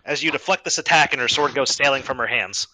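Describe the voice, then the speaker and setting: A man acting as game master, narrating an online tabletop game in a lively way with quick restarts. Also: mid-range voice, slight background noise, rough recording.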